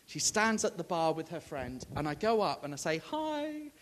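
Minister, animated storyteller who acts out the dialogue, gets the room calling out answers, a voice that swings a lot. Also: male voice, on the high side, a little fast, slight background noise. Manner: rallies the audience to call out answers. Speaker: Baptist minister. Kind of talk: storytelling sermon to a congregation.

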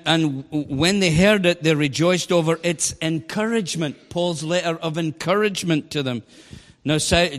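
A man preaching a sermon, animated and storytelling, sometimes bursting into a shout. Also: on the high side. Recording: long hall reverb.

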